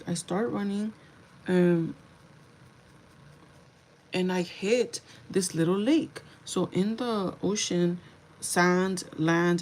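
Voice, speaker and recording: A woman's voice: on the low side, a little mellow, slight background noise, rough recording. A woman livestreaming, chatting casually and retelling a dream, with lots of filler words.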